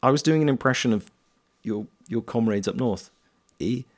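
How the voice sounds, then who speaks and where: A man's voice: mid-range voice, fairly quick. A man from Wales chatting casually on a live stream while gaming, rambling and reading chat aloud. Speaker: streamer and voice actor.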